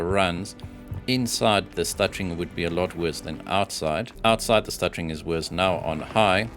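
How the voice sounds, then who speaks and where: Deep gravelly man commenting on gameplay. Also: fairly bright tone. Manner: hesitant, frequent filler sounds, plain matter-of-fact delivery. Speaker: hardware benchmark commentator. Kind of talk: casual gameplay voice-over commentary.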